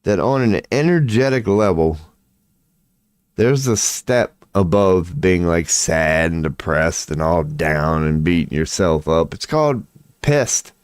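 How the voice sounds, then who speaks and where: A man's voice: low voice, expressive, slow pace, clear, resonant tone, dry recording. A tired man rambling indoors at home in a late-night vlog, profane, slangy and laughing at himself. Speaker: vlogger.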